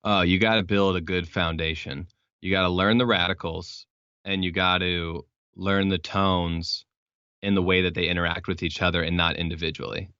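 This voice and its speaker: A young man from Texas, United States, guests on a podcast in casual interview chat, explaining things in a rambling way full of fillers and restarts. His low voice is sharp-toned yet smooth, with little pitch movement, at normal speed. There's no echo, but the recording has a dull lo-fi sound.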